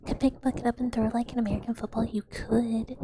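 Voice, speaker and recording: A woman streamer chatting in a soft ASMR whisper, rambling and giggling with many fillers. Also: a little high, level tone, quick pace, noisy background.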